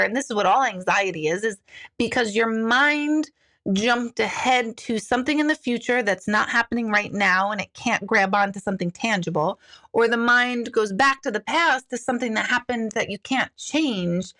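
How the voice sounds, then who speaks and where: A middle-aged woman, an intuitive coach, talking casually and bluntly while she answers viewer questions. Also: pushed and bright. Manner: chatty and blunt, jumps into high panicky voices for quoted thoughts. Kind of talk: casual live talk.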